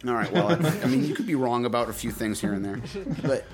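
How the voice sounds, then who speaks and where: A man's voice: medium pitch, lively intonation, quick pace, a loud crowd. A man co-hosting a movie podcast in casual chat, laughing often and arguing playfully. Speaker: podcast co-host.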